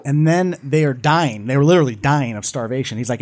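A man's voice: medium pitch, animated, brisk, darkish tone. Rambling male podcast storyteller. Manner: rambling storyteller, many restarts. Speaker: podcast co-host.

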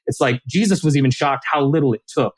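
A man's voice: mid-range voice, fast talker, no room sound, low-quality recording. A man as an author guest in a casual conversation, telling stories animatedly and acting out quoted lines.

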